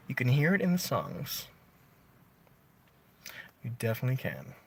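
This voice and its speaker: Guy ranting to camera in his vlog, mid pitch, says like a lot, swears a bunch. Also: a little slow, creaky, long pauses, slight background noise. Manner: chatty, animated, swearing, frequent "like". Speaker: vlogger. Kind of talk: casual rant to camera.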